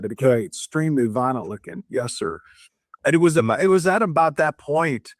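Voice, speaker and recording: As a guest on a podcast, a middle-aged man tells a long story in casual conversation, animatedly acting out the dialogue with shifts in tone. His voice is a little high, his pace moderate, and the sound is dry and clean, studio quality.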